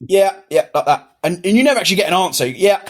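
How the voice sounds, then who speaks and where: A man's voice: high-pitched, quick pace. A British man co-hosting a casual podcast chat, acting out little everyday exchanges as he talks. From United Kingdom. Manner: animated, acts out little exchanges. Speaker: podcast co-host.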